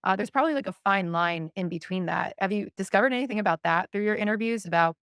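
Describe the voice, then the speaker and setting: A woman hosting a podcast, chatting casually with her guest and thinking out loud as she asks questions. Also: medium pitch, quick pace, clean tone, no room sound, clean studio sound. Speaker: podcast host. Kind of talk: casual interview chat.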